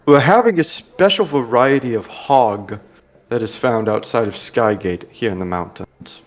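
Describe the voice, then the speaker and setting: A man's voice: mid-range voice, expressive, close to an everyday voice. Man voicing a courteous dwarf clan leader. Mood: formal. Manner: polite, formal, measured. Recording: dull lo-fi recording.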